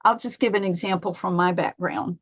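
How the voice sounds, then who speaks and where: A woman's voice: lowish voice, fairly even intonation, brisk, no echo, highs cut off. A woman in her fifties, a massage therapist, talking in a podcast interview, telling stories and acting out her own inner dialogue.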